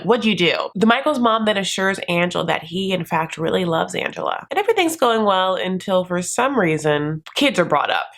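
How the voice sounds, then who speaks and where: A woman's voice: fairly low pitch, gravelly, fairly bright tone. A woman from the United States hosting a reality TV recap in casual, sarcastic commentary. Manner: sarcastic, chatty, does mocking voices for the cast.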